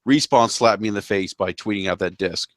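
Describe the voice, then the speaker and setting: A man's voice: fairly low pitch, a little fast, dry recording, clean studio sound. A man co-hosting a gaming podcast, interjecting earnestly in casual chat.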